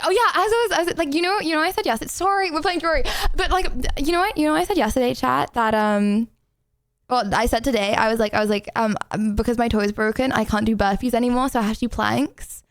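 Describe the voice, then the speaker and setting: A woman's voice: high-pitched, fast. A woman streamer chatting casually with her live chat in a bubbly, rambling way while she plays a drawing game.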